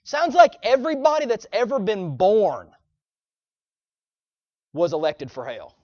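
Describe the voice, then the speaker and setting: A man's voice: sits high, huge pitch swings, measured pace, darkish tone, dry recording. A man preaching a sermon in a folksy, emphatic style, with sarcastic asides to his congregation, on a dull lo-fi recording.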